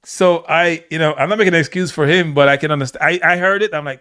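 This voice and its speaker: A middle-aged man from Jamaica with a Jamaican accent, chatting casually about football as a host and telling animated stories with lots of repeats. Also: fairly high pitch, fast talker, few pauses, smooth, no room sound, clean studio sound. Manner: animated storytelling, frequent repeats and laughs. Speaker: show host.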